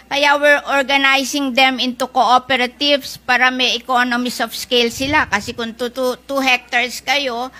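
A woman with a Filipino accent presses her case, firm and insistent, reeling off figures. Her voice sits fairly high and has a bright, sharp edge. She sounds like an experienced lawmaker who will not back down. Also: level tone, normal speed. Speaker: senator. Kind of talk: debate.

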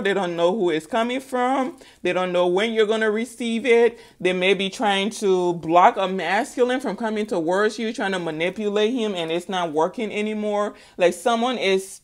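A woman's voice: mid-range voice, moderate pace, hardly any pauses. A woman giving a spiritual tarot reading in a chatty, playful way, laughing often and talking straight to her viewers. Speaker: tarot reader.

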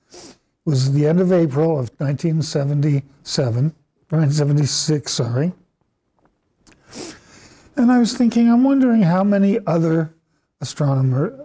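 An older man giving a university colloquium lecture, telling stories with frequent self-corrections and throat clearing. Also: fairly high pitch, mellow. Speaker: guest speaker.

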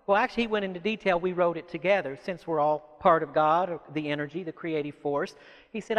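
A man who is an author, giving an animated, rambling talk to a live audience and dropping in lots of "you know" asides. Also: high voice, normal speed. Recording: echoey hall.

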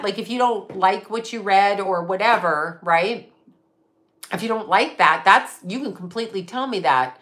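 A middle-aged woman who works as a psychic medium rants in a casual livestream chat, swearing and laughing often. Her voice is medium-pitched with a fairly bright tone.

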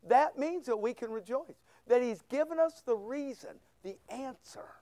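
Animated preacher man, dry sound. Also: very high-pitched, normal speed, no echo. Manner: animated, rhetorical questions, swings between loud and hushed. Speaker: pastor. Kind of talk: sermon. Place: church.

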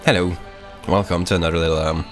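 A man's voice: low voice, steady tone, quick pace, soft background music. A man giving casual, rambling let's-play commentary, swearing freely and talking offhandedly as he plays. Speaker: gaming YouTuber.

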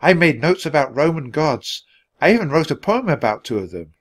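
A man voicing a bright, curious young girl in a storybook reading, with eager, chirpy lines. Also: on the high side, big pitch swings, moderate pace, pitched above the performer's own voice.

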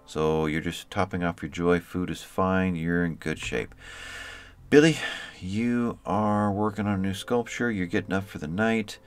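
A man's voice: low voice, steady tone, a little slow, smooth. A man casually commenting on his colony game as he plays, talking to the colonists by name in an easygoing way. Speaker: let's play host.

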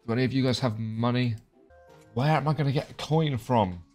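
A young man chats his way through a video game, cracking jokes and reading on-screen lines aloud. His voice sits at a medium pitch. Faint background music plays under the commentary. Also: brisk, a little mellow. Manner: chatty, jokey, reads game dialogue aloud. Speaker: gaming video creator. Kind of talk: casual let's-play commentary.

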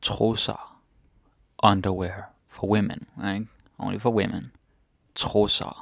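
Slow, gravelly Danish-accented man teaching. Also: fairly low pitch, no echo, studio quality. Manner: relaxed, repeats words slowly, tags sentences with "eh?". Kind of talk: casual vocabulary lesson.

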